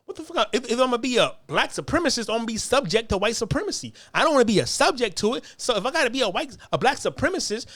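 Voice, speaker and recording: American guy going off in a profane rant, pretty high voice, super dry no room sound. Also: big pitch swings, very fast, few pauses, a bit bright, dry recording. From United States. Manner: profane, emphatic, repetitive hammering phrases. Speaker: commentator. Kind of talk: heated monologue rant.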